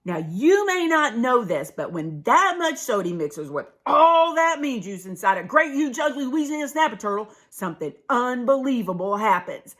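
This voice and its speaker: Bright, expressive woman reading a picture book. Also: a little high, normal speed, hardly any pauses. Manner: expressive, with hushed asides to listeners. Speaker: storybook reader.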